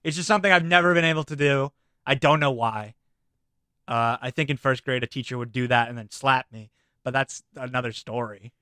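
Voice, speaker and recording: Young guy cohosting a podcast, bright clear voice, excitable and sweary. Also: medium pitch, a little fast, dry recording, studio quality. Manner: animated, exclamatory, often swearing. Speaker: podcast co-host. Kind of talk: casual comedic chat.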